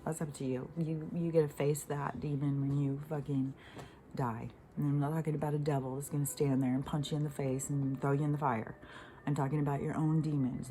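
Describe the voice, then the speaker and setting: A woman's voice: low voice, warm tone, slight background noise, low-quality recording. A middle-aged woman from the United States ranting to camera in a frustrated, rambling way, swearing often and using many fillers. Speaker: spiritual vlogger. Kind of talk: unscripted rant to camera.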